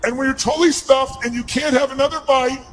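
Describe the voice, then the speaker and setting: A man giving a motivational seminar speech to a live audience, loud and commanding, often shouting and firing questions at the crowd. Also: very high-pitched, fairly even intonation, faint music behind, poor audio. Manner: asks the audience rapid questions. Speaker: motivational speaker.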